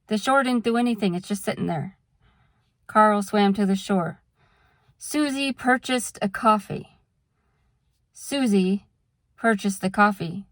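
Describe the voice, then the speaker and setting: A woman's voice: mid-range voice, fairly bright tone, no echo, studio quality. A woman vlogger talking casually to camera, explaining things patiently with examples and drifting into a frank rant. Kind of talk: casual talking-head monologue.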